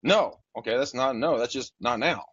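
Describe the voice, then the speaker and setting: A man's voice: mid-range voice, moderate pace, a bit bright, slightly rough, dry recording. A man hosting a podcast, blunt and joking, casually swearing as he tells stories. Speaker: podcast host. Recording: dry, muffled lo-fi audio.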